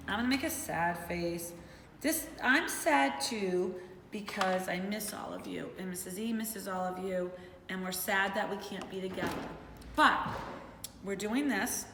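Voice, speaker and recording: A middle-aged woman teaching young children a remote lesson from home, in an animated, encouraging sing-song manner. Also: medium pitch, a little hiss or hum. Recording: roomy echo with faint ambience.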